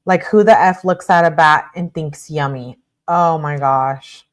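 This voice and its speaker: A woman hosting a true-crime video, reading text messages aloud in a brisk way and breaking off for blunt asides of her own. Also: low-pitched.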